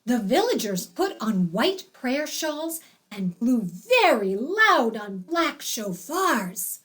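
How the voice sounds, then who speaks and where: A woman narrating a children's storybook in an expressive, animated reading. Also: fairly high pitch, takes it slowly.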